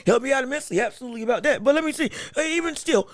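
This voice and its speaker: A man hosting a solo podcast, talking in an excitable, rambling way, often repeating words, with a voice that is straining and going hoarse. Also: very high voice, racing, dry recording, clean studio sound. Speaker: podcast host.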